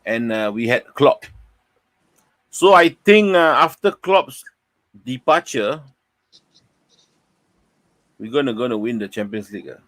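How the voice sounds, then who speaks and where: Man, Malaysian accent, fan show host, chatty, halting, dry close sound. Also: mid-range voice, lively intonation, fairly bright tone, no room sound. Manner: chatty, upbeat, hesitant with many pauses. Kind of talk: casual fan match review chat.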